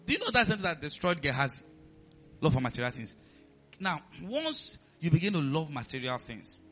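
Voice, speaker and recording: A man with a Nigerian accent preaching a sermon as pastor, animated and laughing between points. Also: on the high side, muffled recording.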